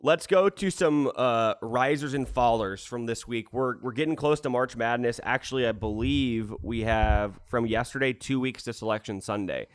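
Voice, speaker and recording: A man's voice: medium pitch, moderate pace, hardly any pauses, clean tone, no echo. A man co-hosting a sports podcast, chatting loosely and laughing as he rambles through stories and picks. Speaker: podcast co-host. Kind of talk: casual sports podcast chat.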